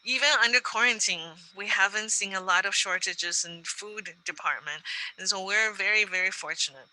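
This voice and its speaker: Bright-voiced woman teaching online. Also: medium pitch, poor audio. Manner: explains patiently, repeats phrases slowly for learners. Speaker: educator giving a lecture. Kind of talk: online lecture with Q&A.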